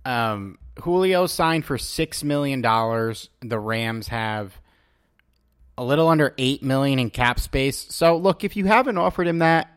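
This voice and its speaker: A man's voice: mid-range voice, a little slow, clean tone, dry recording, clean studio sound. A man hosting a casual sports podcast, chatting loosely and reading posts aloud to his co-host. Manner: relaxed, reads tweets aloud to his co-host.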